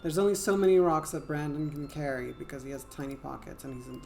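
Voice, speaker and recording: A woman's voice: low-pitched, steady tone, fast talker, gravelly, music in the background. A woman with a French accent chatting casually and playfully while streaming a game, swearing now and then. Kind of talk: casual gameplay chat.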